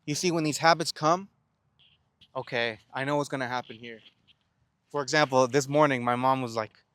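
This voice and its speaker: A young man speaks with plain, middle-pitched earnestness, working through a motivational talk by asking questions and answering them. He often stammers and restarts a word before pressing on. The sound is dry and close, with no room around it. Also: a little fast, long pauses, a bit bright, clear, resonant tone, no echo. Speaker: self-help vlogger. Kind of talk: reflective motivational monologue.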